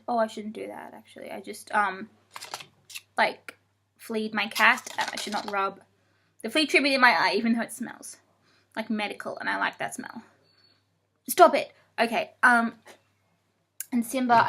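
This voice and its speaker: Young woman vlogging, rambly and sweary, kinda high bright voice, talks to her cat in between. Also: slight background noise. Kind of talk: casual storytelling vlog.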